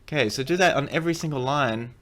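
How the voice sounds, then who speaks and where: A man's voice: mid-range voice, quick pace, fairly bright tone. Joking man narrating a game tutorial. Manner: rambling, joking, self-correcting. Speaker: gaming video creator. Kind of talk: casual game tutorial commentary.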